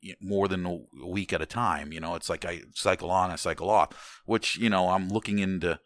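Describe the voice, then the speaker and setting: A very deep-voiced American man talking in loose, casual conversation. He rambles, restarts his sentences often, and swears offhandedly. The sound is dry and close. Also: fairly even intonation, fairly quick, a bit bright, dry recording. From United States. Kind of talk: casual chat.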